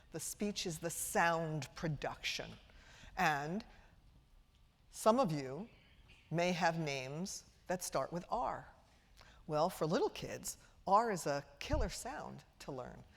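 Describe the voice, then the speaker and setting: A woman's voice: low voice, expressive, slow pace. A middle-aged woman from Brooklyn lecturing parents as a speech-language pathologist, theatrical and playful, asking the audience questions. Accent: trained-out Brooklyn New York. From Brooklyn, New York. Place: large auditorium before a live audience. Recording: lecture hall with long reverb.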